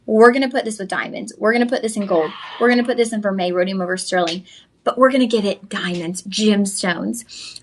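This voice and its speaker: A young woman hosts a live shopping channel, pitching jewelry straight to viewers with chatty enthusiasm. Her voice is a bit bright.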